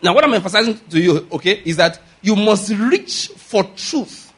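High-voiced husky male preacher. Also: expressive, moderate pace, fairly bright tone. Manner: emphatic, drills points with call-and-response questions. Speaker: pastor. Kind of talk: sermon.

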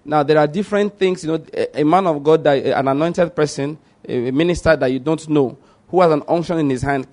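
Man preaching a sermon, slightly high voice. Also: a little mellow. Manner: repeats points, asks "do you understand my point?".

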